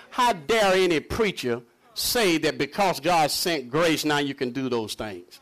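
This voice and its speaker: A man's voice: a little high, animated, normal speed, a bit bright. A man preaching a sermon, stretching key words for emphasis. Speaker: pastor.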